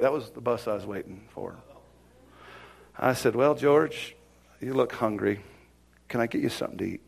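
A middle-aged man preaching a sermon, telling a personal story and swinging from whispers to loud exclaims. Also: mid-range voice, lively intonation, moderate pace, creaky, long pauses.

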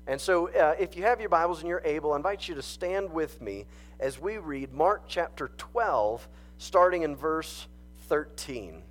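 A male pastor delivers a sermon in a relaxed, storytelling style, with easy chuckles between phrases. His voice sits a little high and rises and falls a great deal. He sounds like he is talking with his congregation at a church service rather than lecturing them. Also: moderate pace, soft background music.

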